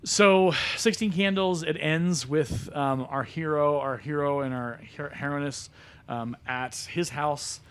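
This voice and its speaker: A man hosting a podcast, recapping films in a chatty, animated way with frequent ums in a studio. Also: fairly high pitch, measured pace, clear, resonant tone. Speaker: podcast host. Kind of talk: casual chat about movies.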